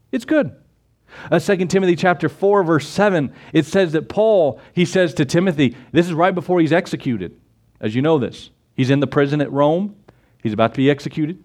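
A male pastor preaching in an animated style, his voice riding up and down as he fires rhetorical questions at the congregation. His pitch sits a little higher than most men's. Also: brisk. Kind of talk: sermon. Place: church.

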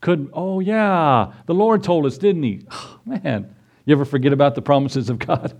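A middle-aged pastor giving a sermon, climbing to a high, urgent pitch as he presses his points and briefly acts out the voices of biblical figures. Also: animated, normal speed, creaky, darkish tone.

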